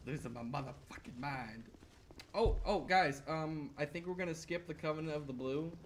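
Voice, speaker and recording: A young man live-streaming a game, talking excitably and rambling, swearing often and reacting to chat. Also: fairly high pitch, moderate pace, slight background noise.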